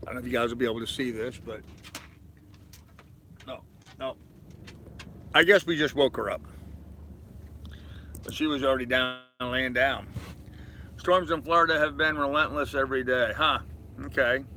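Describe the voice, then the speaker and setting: A man's voice: medium pitch, brisk, pauses often, pushed and bright, a little hiss or hum. A tired man in his fifties chatting casually on a live stream from his anchored sailboat, rambling easily and answering viewers' comments. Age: 50s. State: tired, yawning. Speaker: sailing vlogger reading live chat.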